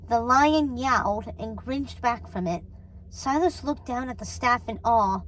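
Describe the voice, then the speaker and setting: A woman reading a chapter of a children's novel aloud in a deliberate storytelling manner. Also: on the high side, fairly bright tone, a little hiss or hum, rough recording. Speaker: storybook reader.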